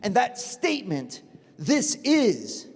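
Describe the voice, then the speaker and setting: A man, a priest, giving a lively conference talk full of rhetorical questions and acted-out dialogue. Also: very high-pitched, slow, vocal fry, husky. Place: large conference hall. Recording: long hall reverb.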